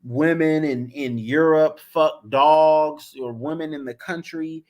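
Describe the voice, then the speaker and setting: Man, high voice, profane repetitive rant, casual talk. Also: slow, muffled recording. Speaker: commentary vlogger.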